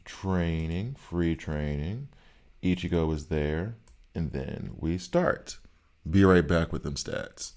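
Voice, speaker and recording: Deep and a little mellow, this man's voice carries casual live-stream commentary as he plays a game, chatting with viewers and reasoning aloud about stats and choices.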